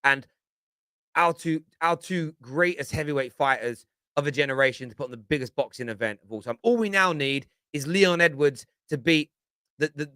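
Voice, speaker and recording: A man's voice: medium pitch, pushed and bright, clean tone, dry recording. A man talking football in a casual, opinionated and rambling way, often restarting and asking "you know what I mean". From Britain. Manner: rambling, repeats words, lots of 'do you know what I mean'. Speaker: football pundit on a fan show.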